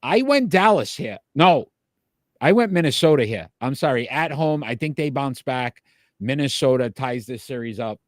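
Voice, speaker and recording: A man hosting a casual sports talk show, chatty and quick to laugh, calling out to his live viewers. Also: mid-range voice, expressive, no room sound, clean studio sound. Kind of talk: casual sports picks chat.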